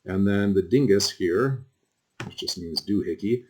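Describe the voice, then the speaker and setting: A very low-pitched man gives a relaxed screen-recorded lecture to his class. He rambles, drifts into asides and fills gaps with ums and likes. Keyboard typing can be heard now and then behind him. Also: measured pace. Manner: casual, rambling, with frequent fillers and asides. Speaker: college instructor.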